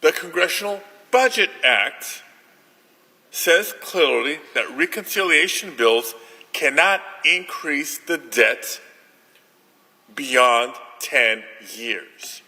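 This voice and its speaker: A man senator giving a formal floor speech in a deliberate, indignant manner, recorded in a reverberant legislative chamber. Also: fairly high pitch, lively intonation, bright, forceful tone.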